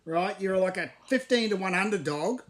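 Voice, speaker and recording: A man's voice: high-pitched, expressive, moderate pace, a bit bright. A man in his forties with an Australian accent, hosting a casual chat and trash-talking his guest with heavy swearing. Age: 40s. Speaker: host.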